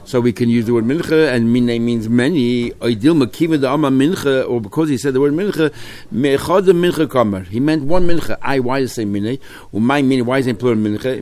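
Male Talmud teacher, lively, keeps asking the class questions. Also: medium pitch. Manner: lively, mixes Hebrew-Aramaic terms into English, rhetorical questions.

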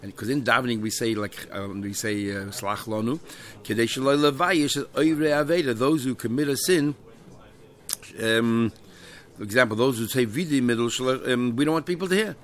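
Explaining a page of Talmud, a man reads out Aramaic phrases and translates each one in a chatty style packed with fillers. He speaks at a normal speed in a mid-range voice.

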